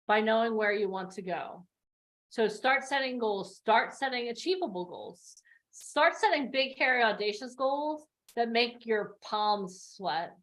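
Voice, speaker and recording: A woman's voice: a little high, fairly bright tone. A woman hosting an online bootcamp for actors and models, coaching over a video call in a passionate, emphatic way. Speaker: acting and modeling bootcamp host. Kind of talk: live online motivational coaching.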